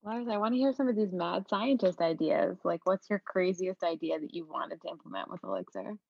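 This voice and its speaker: A woman's voice: on the low side, brisk, vocal fry, breathy edge, no room sound, highs cut off. A woman hosting a tech podcast in a casual, playful way as she wraps up the episode. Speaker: podcast host.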